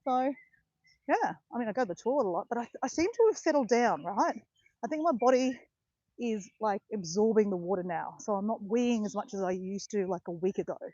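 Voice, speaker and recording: A woman's voice: medium pitch, lively intonation, fairly quick, mellow, dry recording, dull audio. A woman of around fifty chatting casually while walking outdoors, rambling and correcting herself as she goes. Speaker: vlogger. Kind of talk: casual walking vlog chat. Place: outdoors in botanical gardens, walking.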